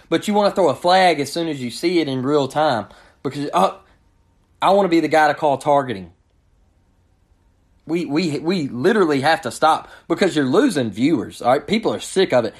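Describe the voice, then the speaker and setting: A man's voice: a little high, animated, normal speed. A man hosting his own sports show, giving frustrated, ranting commentary and often repeating himself. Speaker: sports podcast host.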